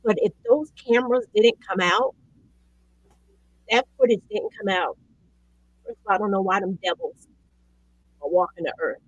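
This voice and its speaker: A woman hosting a talk show, speaking with raw emotion, her voice swinging between loud outbursts and hushed near-whispers. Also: mid-range voice, moderate pace, pauses often, breathy edge, no echo, dull audio. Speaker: show host. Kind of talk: emotional commentary chat.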